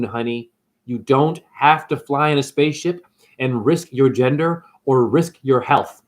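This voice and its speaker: A man telling a story in a casual, ranting monologue, with big swings in pitch as he goes. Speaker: spiritual vlogger.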